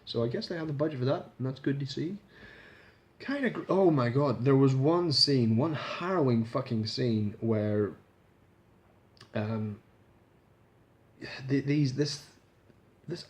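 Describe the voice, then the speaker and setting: A man's voice: mid-range voice, unhurried, long pauses. A man casually reviewing a TV episode in a rambling vlog, swearing freely and restarting his sentences. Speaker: video reviewer.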